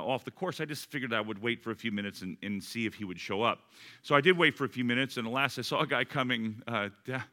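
A man, a pastor, preaching a sermon and telling a personal story, acting out both sides of the conversation. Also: mid-range voice. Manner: animated storyteller, acts out both sides of a dialogue.

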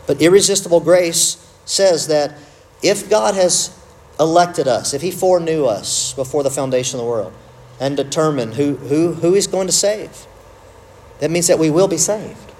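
Guy teaching bible class, kinda high voice, chatty, little room hum behind. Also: normal speed, a little mellow. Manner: conversational, self-interrupting with humor. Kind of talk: church teaching talk.

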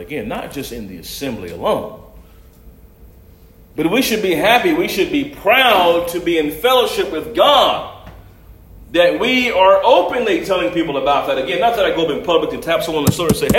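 A man delivers a sermon, his fairly high voice leaping up in lively arcs as he reads the verses. He drops to quiet asides between readings. The room adds a noticeable echo. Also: moderate pace, a little hiss or hum. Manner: animated, rising loud on scripture, dropping soft for asides. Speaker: preacher. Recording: echoey room.

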